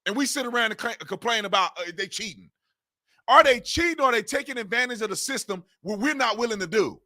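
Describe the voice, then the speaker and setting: Bright, high-pitched exasperated male commentator. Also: expressive, quick pace. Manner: exasperated, repetitive rhetorical questions, informal grammar. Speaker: political commentary channel host. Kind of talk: ranting political commentary.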